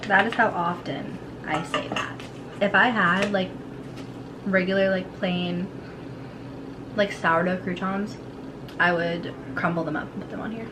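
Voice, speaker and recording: A young woman and mother with a sick, hoarse voice, chatting casually and rambling through a home vlog, full of "like". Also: lowish voice, fairly even intonation, unhurried, long pauses, far from the mic. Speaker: vlogger and mother. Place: home kitchen and garden. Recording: roomy, off-mic, household noise.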